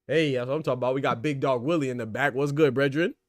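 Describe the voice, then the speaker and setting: A man's voice: mid-range voice, fairly even intonation, quick pace, dry recording, studio quality. A man hosting a casual boxing podcast livestream, talking loosely in slang and laughing often. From Florida.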